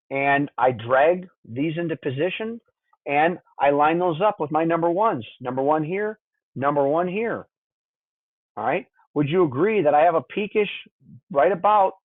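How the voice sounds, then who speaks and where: In this dry, tinny recording that sounds like a phone call, with no echo, a man whose voice sits a little high walks through diesel engine diagnostics. He's an instructor for diesel technicians, keeping the webinar conversational by asking his audience "okay?" and "would you agree?"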